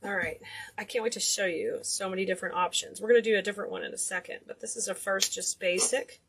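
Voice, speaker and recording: A woman's voice: medium pitch, fairly even intonation, fast, background noise. A woman hosting a casual DIY craft tutorial, chatty and enthusiastic, gushing over cute details. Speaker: craft video host.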